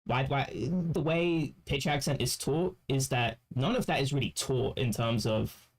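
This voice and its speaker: Gravelly man rambling. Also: medium pitch. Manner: rambling, halting with many restarts. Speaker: streamer reacting to clips. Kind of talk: casual commentary.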